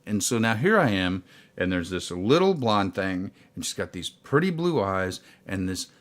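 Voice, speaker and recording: A man's voice: sits low, big pitch swings, normal speed. A man who works as a casino pit boss, telling a rambling work story full of fillers. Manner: rambling, filler-heavy anecdote. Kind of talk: casual storytelling vlog.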